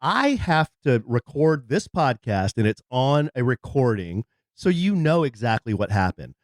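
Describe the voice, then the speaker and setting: A man's voice: mid-range voice, sing-song, measured pace, no echo, clean studio sound. A man, co-hosting a podcast and telling a jokey story in a casual chat. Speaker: podcast co-host. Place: in a car.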